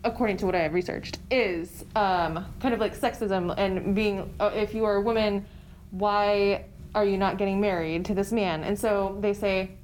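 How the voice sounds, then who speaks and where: A woman's voice: mid-range voice, steady tone, moderate pace, a little mellow, slight background noise, low-quality recording. A woman co-hosting a casual book chat, chatty and giggly, with lots of fillers. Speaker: podcast co-host.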